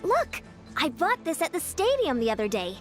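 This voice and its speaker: A woman voicing a young girl who works as a brisk, strict sports coach in a video game. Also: sits high, wildly swooping pitch. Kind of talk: game voice acting. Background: game music.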